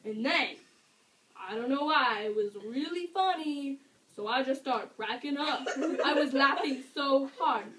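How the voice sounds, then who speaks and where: A woman's voice: sits high, a little slow. A teenage girl telling a story casually, rambling with fillers and laughing often. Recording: distant mic with loud background noise.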